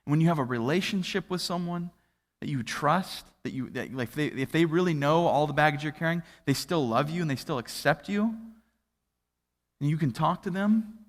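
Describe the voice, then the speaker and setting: A man's voice: fairly high pitch, expressive, normal speed. Man preaching in an echoing church. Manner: conversational, self-deprecating storytelling. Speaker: pastor. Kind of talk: sermon. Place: church sanctuary. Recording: hall reverb from a church livestream.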